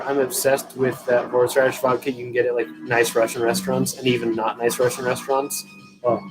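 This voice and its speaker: A young man hosts a casual live stream, rambling to his viewers with plenty of swearing and self-deprecating asides. His voice sits at an ordinary middle pitch. Music plays clearly behind him. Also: rough recording. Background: music playing.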